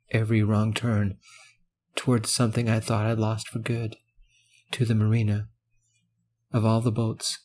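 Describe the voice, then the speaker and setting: A man narrating a romance short story in the first person as an audiobook, measured and earnest. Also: on the low side, a little mellow.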